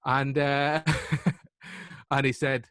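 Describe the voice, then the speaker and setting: Man, twenties, Mancunian accent, lively self-mocking anecdotes, dry close sound. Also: mid-range voice, drawn-out words, clear, resonant tone, no room sound. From Manchester, England. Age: 20s. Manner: lively, self-deprecating storyteller. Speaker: podcast guest. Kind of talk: casual anecdotal storytelling.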